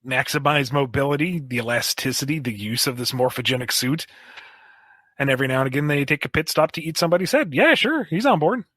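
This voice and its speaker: A man hosting a podcast, chatting casually and spinning out playful, silly scenarios. His voice sounds bright at a mid pitch. The sound is close and dry. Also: fast talker, dry recording. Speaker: podcast host.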